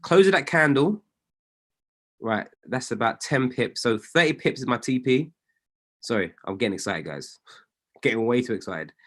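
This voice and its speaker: A man, a trading coach talking casually through trades on screen, excitable and often correcting and apologizing to himself. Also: medium pitch, moderate pace, pauses often. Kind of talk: casual commentary while reviewing trades on screen.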